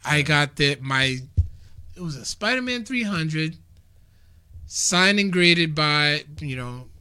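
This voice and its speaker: A man's voice: on the high side, takes it slowly, smooth. A man in casual chat, animatedly telling convention stories and acting out what people said. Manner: animated storyteller, laughs often, acts out quotes. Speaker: podcast guest recounting a convention.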